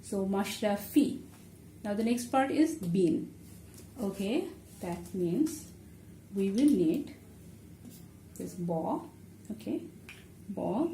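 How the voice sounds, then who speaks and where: A patient woman language teacher, a native Bengali speaker, delivers an online lesson step by step while writing, never rushing. She has a warm, mid-range voice. Slight background noise and faint ambience come through in the echoey room.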